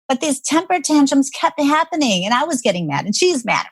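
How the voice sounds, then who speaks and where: A woman's voice: mid-range voice, a little fast, dry recording. A woman guest, a parenting expert, telling stories in a podcast interview and acting out the voices in her quotes. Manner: animated storyteller who acts out quotes.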